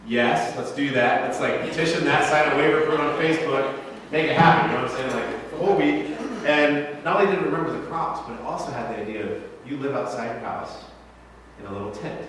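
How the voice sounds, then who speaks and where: A man preaching in a church, relaxed and chatty, with quick jokes and questions thrown to the congregation. His voice sits in a mid range. It rings with long reverb and is picked up from far across the room, with faint room noise underneath. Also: mid-range voice. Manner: casual, joking and conversational, asking the congregation questions. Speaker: pastor. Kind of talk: sermon. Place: church sanctuary. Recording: echoey church hall from far off.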